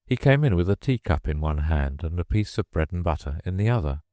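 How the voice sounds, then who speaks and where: A man's voice: low voice, fairly quick, no room sound. A man reading a children's classic aloud as an audiobook narrator, telling it expressively. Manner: expressive storytelling. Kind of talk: scripted narration.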